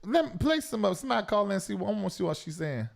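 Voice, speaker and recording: High, lively male talk-show host. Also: rapid-fire, creaky. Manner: animated, loud and mocking, with preacher-like mimicry. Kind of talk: casual commentary.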